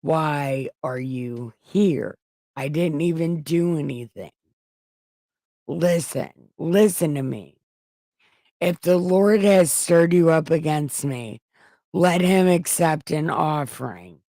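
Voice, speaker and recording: A defiant young man, brash and foul-mouthed, as a woman reads him aloud. The voice is gravelly and slow, in a dry room. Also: deep voice, mellow, dry recording. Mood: pleading. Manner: crude modern slang.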